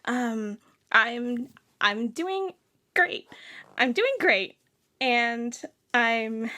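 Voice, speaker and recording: A woman voicing an excitable female shopkeeper who talks in breathless, stammering delight. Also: a little high, exaggerated voice.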